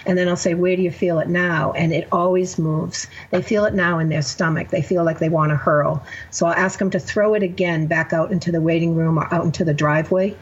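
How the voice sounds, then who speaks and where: A woman's voice: lowish voice, fairly even intonation, brisk, few pauses, husky, lo-fi sound. A woman therapist guest on a podcast, explaining her method step by step with examples. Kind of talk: podcast interview.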